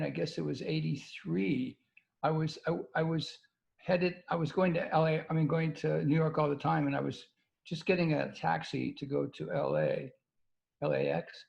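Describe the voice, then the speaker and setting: An older man, a guest, telling a story in a halting, stop-and-start way with casual swearing. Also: fairly high pitch, creaky, darkish tone. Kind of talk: rambling storytelling. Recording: dull lo-fi sound.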